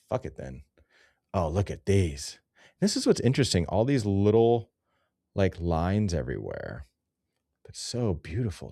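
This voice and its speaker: A man's voice: deep voice, sing-song, a little slow, creaky, long pauses, a little mellow, dry recording, clean studio sound. A man hosting a rambling, profane comedy commentary over nature photos, easily sidetracked and loose in his talk. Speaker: host.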